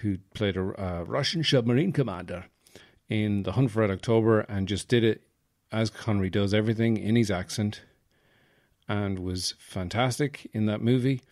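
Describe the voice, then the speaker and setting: A man's voice: on the low side, fairly even intonation, moderate pace, a little mellow, no room sound, clean studio sound. A man hosting a podcast in rambling, jokey casual chat. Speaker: podcast host.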